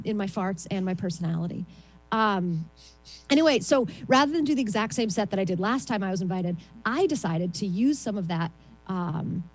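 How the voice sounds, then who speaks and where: A woman doing a rambling, self-deprecating stand-up set over a video call, with a voice she calls shrill and lots of ums. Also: a little mellow, poor audio. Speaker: stand-up comedian.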